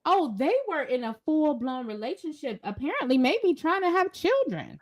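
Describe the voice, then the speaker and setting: A woman whose voice sits high talks at normal speed while co-hosting a laid-back pop-culture podcast. Her storytelling is lively and forceful, and she acts out the quoted lines.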